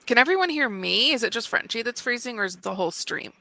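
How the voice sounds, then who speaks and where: Woman, bright tense voice, gravelly fry, playful, teasing livestream co-host. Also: on the high side, expressive, fast talker, a little hiss or hum. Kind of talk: casual livestream chat.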